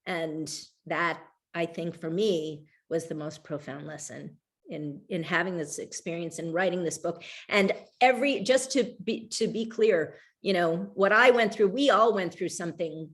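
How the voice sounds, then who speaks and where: Her voice is fairly low and her pace measured, with few pauses. The middle-aged woman is a guest author in a conversational video call, musing and wandering, with many restarts and thoughts that trail away.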